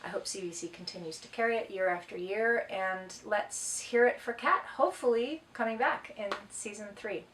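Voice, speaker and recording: Speaking at a moderate pace with few pauses, a middle-aged Canadian actress reads fan questions aloud and answers them with playful humor. Her medium-pitched voice is a bit bright, with a little hiss or hum. It's a casual self-recorded Q&A, captured far from the mic in an echoey room.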